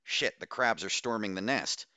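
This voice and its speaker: A man's voice: on the low side, normal speed, bright, forceful tone, clean tone, no echo. A man voicing a blunt expedition scout who makes dry remarks in an audiobook. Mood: tense.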